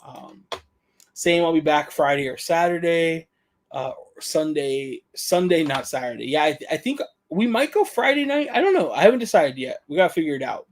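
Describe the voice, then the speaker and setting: Guy co-hosting a stream, chill and slangy, a bit high voice. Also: very animated, normal speed. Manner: laid-back, says "dude" and "dope". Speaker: podcast co-host. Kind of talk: casual live-stream chat.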